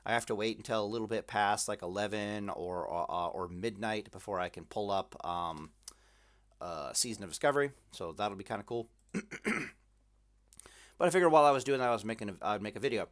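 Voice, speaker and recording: A man's voice: fairly low pitch, a little fast, fairly bright tone. A man casually rambling in a vlog from his room at night, full of fillers and dry self-mocking jokes. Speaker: gaming video creator.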